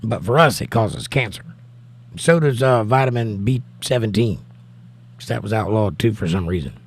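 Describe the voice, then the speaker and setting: Reading out his chat, this livestream host keeps things casual and wryly humorous. He speaks at normal speed in an expressive voice that's on the low side and slightly rough.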